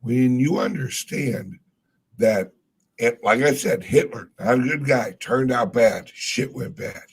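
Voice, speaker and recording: A man's voice: mid-range voice, slow, slightly rough. A man in casual chat, rambling through stories, trailing off and swearing casually. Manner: laid-back storytelling. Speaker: podcast co-host.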